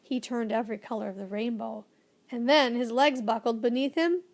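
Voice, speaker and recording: A woman narrating a children's storybook with a gentle, expressive reading. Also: fairly high pitch, normal speed. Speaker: audiobook narrator.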